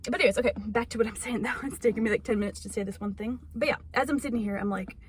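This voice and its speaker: A woman's voice: on the high side, racing, a little hiss or hum. A young woman vlogging from inside a parked car, rambling and self-conscious with lots of fillers, talking into her phone. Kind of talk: casual vlog monologue.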